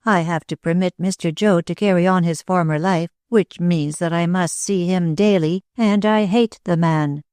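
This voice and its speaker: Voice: medium pitch, normal speed, few pauses, clear, resonant tone, dry recording, close to an everyday voice. A narrator voicing a proud, bitter young woman. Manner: steady and bitter. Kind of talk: audiobook character reading.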